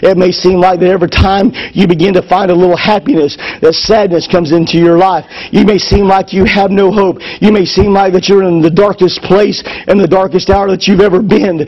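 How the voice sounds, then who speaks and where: A man preaching a sermon to his congregation, moving between loud fervor and hushed lines. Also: high voice, fairly even intonation, brisk, few pauses, lo-fi sound. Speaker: pastor. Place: church service.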